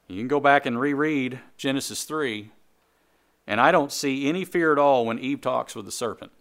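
A man preaching a sermon to a congregation in a conversational way, with jokes, quick asides and repeated phrases. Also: medium pitch, a bit bright. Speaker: pastor.

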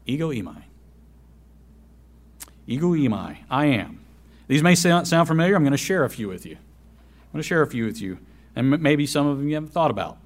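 A man preaching a sermon, who swings between loud emphasis and soft asides and repeats key phrases. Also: fairly high pitch, big pitch swings, a little fast, pauses often.

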